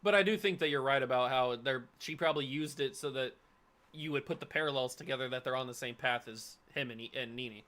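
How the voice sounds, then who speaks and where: A man hosting a live watch-party reaction, chatting excitedly and talking to viewers by name. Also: medium pitch, brisk. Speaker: reaction channel host.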